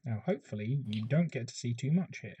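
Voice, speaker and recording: A man running a tabletop game as game master, halting with many pauses and restarts. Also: medium pitch, animated, mellow, a little hiss or hum, rough recording.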